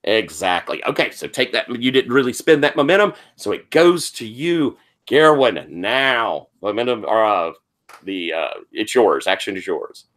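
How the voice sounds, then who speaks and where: A man's voice: on the low side, sing-song, measured pace, fairly bright tone. A man as game master of a tabletop wrestling game, guiding players with questions over a video call.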